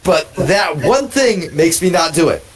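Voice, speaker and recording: A tipsy, hiccupping man co-commentates on a game stream in a fairly high, sing-song voice, speaking a little slowly. He banters casually over the gameplay, rambling and interrupting himself to restart sentences. A crowd can be heard in the background.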